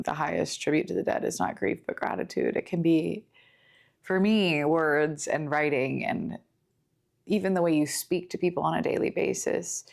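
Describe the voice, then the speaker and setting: A young woman in her twenties hosting a podcast, talking through grief in an earnest, confiding, unhurried personal monologue. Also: low-pitched, creaky. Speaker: podcast host. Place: home studio. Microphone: studio setup with camera.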